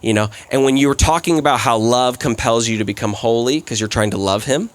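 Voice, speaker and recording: Speaking fairly quickly at a medium pitch, a man preaches as a guest at an events center church service. His sermon unfolds as relaxed, conversational storytelling peppered with "like" and "right?".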